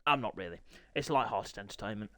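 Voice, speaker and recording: A man commentating a sim motorbike race live, excitable, jokey and self-mocking, his voice a little hoarse. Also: fairly low pitch, fast, no room sound. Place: small home room called a commentary box.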